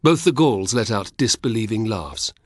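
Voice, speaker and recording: A man reads a historical audiobook, telling the story in a steady way. His voice sits low and a little husky, and the recording is dry and close. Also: normal speed, no echo. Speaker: audiobook narrator. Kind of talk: audiobook narration.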